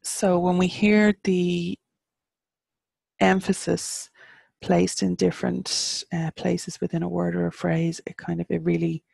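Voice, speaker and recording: A woman with an Irish accent giving a casual online lesson, patiently spelling out words and slowing down to model pronunciation, and blunt in her opinions. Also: lowish voice, flat delivery, vocal fry, a little mellow, breathy edge, no room sound. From Ireland. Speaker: teacher of Irish pagan studies.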